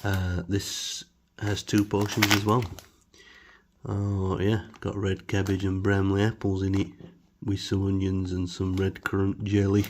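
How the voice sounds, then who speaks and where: A man's voice: fairly low pitch, slight background noise. A man casually reviewing supermarket food in his home kitchen, rambling with many fillers and wry asides.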